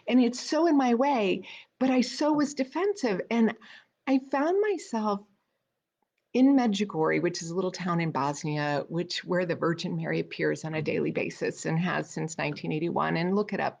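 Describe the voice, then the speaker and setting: A middle-aged woman, a speaker trainer hosting a weekly live video, tells a personal story in a chatty way, full of fillers and restarts. Her mid-range voice is expressive with vocal fry at normal speed, and the sound is slightly dull and lo-fi.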